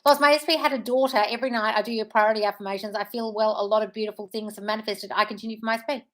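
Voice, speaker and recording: Fast-talking breezy woman. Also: on the high side, steady tone, a bit bright. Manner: frank and breezy, calls listeners "darling". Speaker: manifestation coach hosting a live Q&A. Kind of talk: casual live-stream chat, reading viewer questions.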